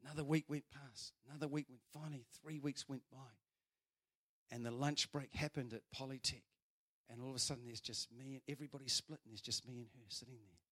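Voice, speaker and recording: A man over forty, preaching a sermon and telling a story with big swings between loud and soft. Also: mid-range voice, fairly even intonation, a little fast.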